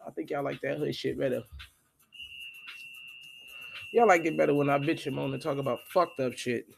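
A podcast host telling a profane, animated story in a casual monologue, quoting the people in it. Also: male voice, medium pitch, quick pace, vocal fry, a little hiss or hum. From Florida.

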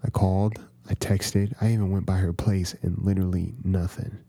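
A man's voice: deep voice, flat delivery, moderate pace, warm tone, dry recording. A man hosting a podcast, narrating a first-person horror story in a conversational, confiding way.

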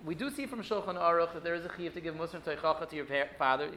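A man giving a Torah class, lively and full of rhetorical questions, often restarting his sentences. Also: on the high side, racing, slight background noise. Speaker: rabbi teaching a weekly class.

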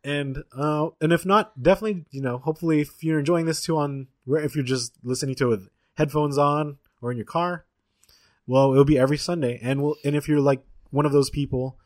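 A man's voice: a little high, brisk, darkish tone, no room sound, studio quality. A man co-hosting a casual podcast, rambling and restarting his sentences, with a Southern Californian accent. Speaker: podcast co-host. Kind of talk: casual chat.

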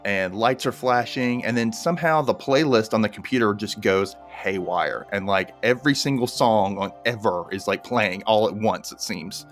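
A man with a lowish voice chats casually with a co-host, recapping a TV episode at a normal speed with few pauses. He's animated, often acting out the characters in a raised voice, while soft music plays in the background.

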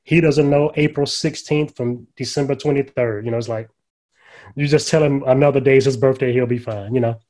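An older man, a chaplain guest, casually telling a personal story in a folksy, conversational way and dropping softly into quoted dialogue. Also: medium pitch, fairly even intonation, brisk. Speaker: guest, grief ministry chaplain.

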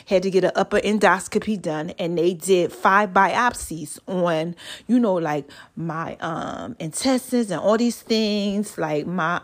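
A woman hosting a solo podcast, talking casually and warmly to her listeners, testifying about her life and calling them y'all and child. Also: mid-range voice. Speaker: podcast host.

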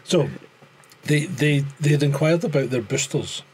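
A man's voice: on the high side, a little slow, a little hiss or hum. A Scottish man in casual podcast chat, blunt and sweary, with a joking edge. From Scotland. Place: living in France.

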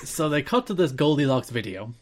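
A man in the middle of his usual register chats on a podcast. He walks through what happened step by step in loose run-on sentences, wry and unhurried. It sounds like relaxed conversation between co-hosts. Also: medium pitch. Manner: recaps events in long wry run-on retellings. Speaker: podcast co-host. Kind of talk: casual chat.

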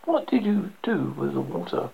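A desperate, parched old man , as the audiobook reader puts him on, yelling wild accusations. The voice is gravelly with a ragged edge, at a middling pitch. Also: big pitch swings, moderate pace, lo-fi sound, a little hiss or hum. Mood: frantic. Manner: shouting accusations. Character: frantic, delirious older man, parched and paranoid.

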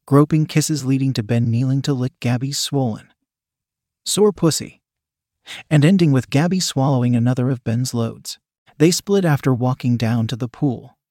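Male narrator, steady read-aloud, mid-pitched, dry close sound. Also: no room sound. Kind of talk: scripted narration of an adult story.

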